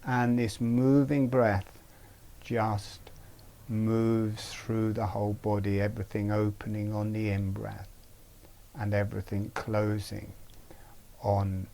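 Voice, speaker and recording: Slow, gentle man teaching breathing. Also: on the low side, level tone, creaky, slight background noise. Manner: slow, gentle, halting with pauses. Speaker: meditation teacher. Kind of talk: webinar breathing instruction.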